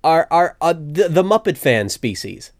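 Wry podcast host, man, animated and a bit high, dry mic. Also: a little slow, no room sound. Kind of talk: comedic casual chat.

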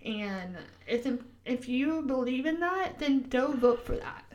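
A woman's voice: high-pitched, expressive, a little slow, darkish tone, muffled recording. Earnest, emphatic woman podcast host. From United States. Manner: earnest and emphatic, full of "like" and "you know" fillers. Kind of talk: casual podcast chat.

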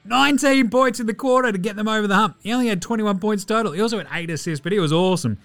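An Australian man hosting a podcast, giving a fast, casual sports recap, excitable and swearing freely with jokey asides. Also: high-pitched, dry recording, faint music behind. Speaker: podcast host.

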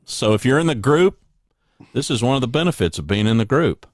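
A man's voice: medium pitch, sing-song, brisk, dry recording, clean studio sound. A man co-hosting a live-streamed chat, rambling a bit as he talks. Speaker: co-host.

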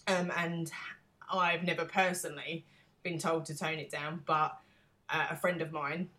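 Low-voiced woman with an East London accent. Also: steady tone, unhurried, bright, forceful tone. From England. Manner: thoughtful, with frequent fillers. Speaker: podcast co-host. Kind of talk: casual podcast chat.

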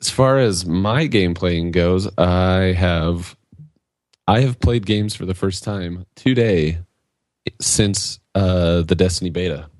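A man's voice: sits low, slow, a little mellow, no echo. A man hosting a podcast in casual chat, asking questions and laughing along. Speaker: podcast host.

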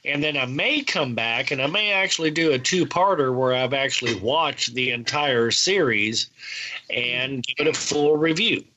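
A talkative man with a bright, forward voice, explaining at length in casual chat. The sound is a bit dull and lo-fi. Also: mid-range voice, lively intonation, moderate pace. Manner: talkative, long explanatory answers. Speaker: podcast host reviewing TV shows.

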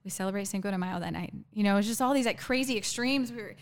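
Smooth-voiced woman recounting a painful story. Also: mid-range voice, big pitch swings. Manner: halting, earnest, many fillers and restarts. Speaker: guest sharing a personal story. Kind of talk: emotional personal storytelling.

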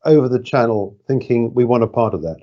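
A man's voice: medium pitch, lively intonation, a little fast, muffled recording. A man interviewing a business executive, asking probing questions in a conversational way with some hesitant fillers.

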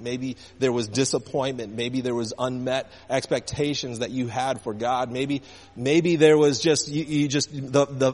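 In a church sanctuary with hall reverb, a male pastor with a medium-pitched, slightly mellow voice preaches a sermon. He calls out to the congregation in call-and-response style, his emphasis rising and falling.

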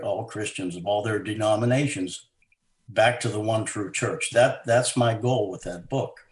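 A man speaking as an author and interview guest, earnest and halting, with frequent fillers and restarts. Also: lowish voice, darkish tone. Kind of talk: conversational interview. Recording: roomy echo.

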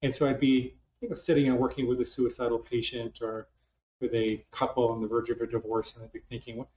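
A man's voice: mid-range voice, level tone, fairly quick, darkish tone. A man, a psychologist, giving a conversational talk to a live audience with self-deprecating humor and many restarts, recorded in a hall. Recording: roomy, distant, dull lo-fi hall sound.

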